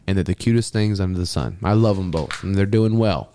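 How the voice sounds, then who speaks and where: A man's voice: brisk, a little hiss or hum. Casual, profane young man telling a story. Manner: animated, profane, mimics others in a high voice when quoting. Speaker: podcast co-host.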